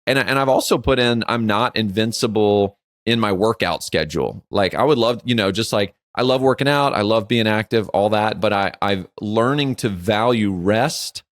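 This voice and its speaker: A man's voice: fairly low pitch, normal speed, hardly any pauses, no echo, clean studio sound. A man in his forties co-hosting a podcast, telling stories in a casual chat and acting out quotes. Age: 40s. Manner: animated storyteller who acts out quotes; frequent filler "like". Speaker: podcast co-host.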